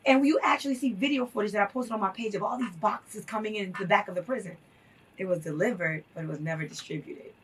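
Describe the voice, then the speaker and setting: A woman's voice: medium pitch, fast, distant mic, slight background noise. A woman guest telling a story in an interview, earnest and impassioned, repeating phrases for emphasis.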